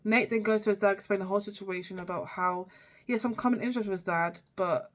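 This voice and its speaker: Young woman rambling through a show recap, lots of um and like, mid pitch. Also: fairly even intonation, fast talker. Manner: rambling, chatty, many fillers and restarts. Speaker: TV review vlogger. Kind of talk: casual recap chat.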